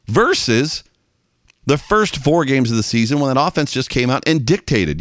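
A man's voice: mid-range voice, moderate pace, no room sound, clean studio sound. A man hosting a sports talk show, delivering an exasperated fan's monologue. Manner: animated, exasperated fan ranting. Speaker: podcast host.

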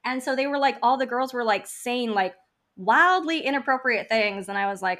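A woman guest on a podcast, telling stories in a chatty, animated way with frequent "like" fillers. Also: fairly high pitch, moderate pace. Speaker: podcast guest, funeral home founder. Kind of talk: casual interview storytelling.

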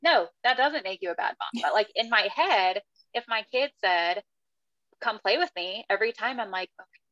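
A mother in her thirties talks openly on a podcast, her mid-range voice lively and frank. The recording is dry and close, with a slightly dull, muffled tone. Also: medium pitch, normal speed, no echo. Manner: candid, animated storytelling. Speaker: guest. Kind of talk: casual podcast conversation.

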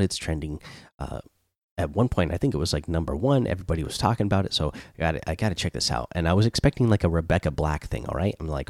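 A man's voice: deep voice, lively intonation, quick pace, a little mellow, no room sound, studio quality. A middle-aged man hosting a podcast alone, chatting casually through the news with lots of fillers and restarts. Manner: rambling, many "uh" fillers and self-corrections. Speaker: podcast host. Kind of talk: casual solo news chat.

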